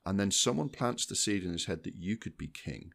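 This film podcast co-host has a deep, gravelly voice and speaks fairly quickly. His long, casual chatter is animated and meandering, full of restarts and words said twice.

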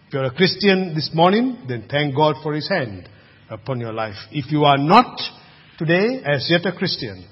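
A man preaching a sermon, moving between hushed, quiet passages and loud, emphatic ones. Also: medium pitch, slightly rough. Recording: lo-fi with long reverb in a hall.

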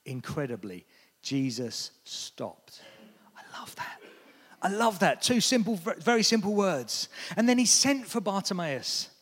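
With a high, slightly rough voice and a somewhat slow pace, this British preacher delivers a sermon through animated storytelling. He acts out quotes by raising his voice, and the hall reverb is long.

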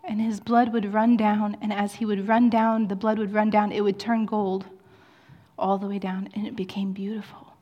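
A middle-aged woman pastor preaching a sermon, moving between hushed whispers and emphatic, raised passages. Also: medium pitch, little pitch movement, moderate pace, muffled recording. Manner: drops to hushed whispers, rises to emphatic peaks.

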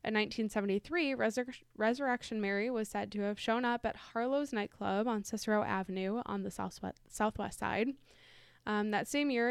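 Chatty woman with a clear voice. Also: medium pitch, no room sound, studio quality. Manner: chatty, laughs easily, self-correcting. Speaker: podcast co-host. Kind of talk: casual chat, reading stories aloud.

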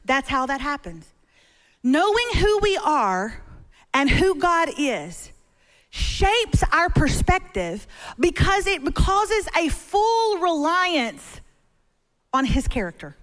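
A middle-aged woman preaching as a guest speaker from a church stage, telling stories with animated humor. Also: high voice, takes it slowly. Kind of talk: sermon. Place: church stage before a congregation.

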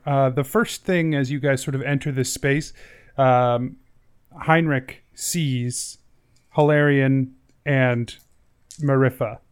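A man's voice: mid-range voice, smooth. A man narrating a tabletop game as game master, in a casual, laid-back way with many fillers.

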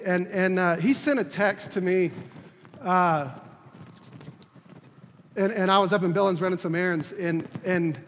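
Earnest high-voiced man preaching in a hall. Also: a bit bright. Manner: halting, repeats words and restarts, earnest. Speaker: preacher on a church leadership team. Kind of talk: personal testimony sermon. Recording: long reverb, faint room noise.

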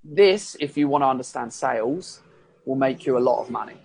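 A man's voice: mid-range voice, expressive, moderate pace, vocal fry, darkish tone, slightly rough, no room sound. A man, a fitness coach, explaining his coaching method in a chatty, rambling way that corrects itself as he goes. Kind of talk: casual explanatory talk.

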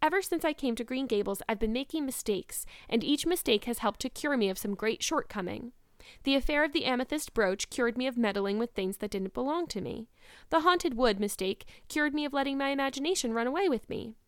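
A woman voicing an imaginative teenage girl, earnest and emphatic, sometimes quick and cold. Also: fairly high pitch, expressive, smooth, dry recording, studio quality, pitched above the performer's own voice.

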